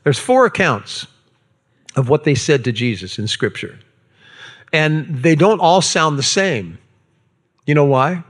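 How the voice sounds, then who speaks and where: A man preaching a sermon as pastor, animated and acting out quoted voices. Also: measured pace, pauses often. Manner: animated, acts out quotes with raised pitch.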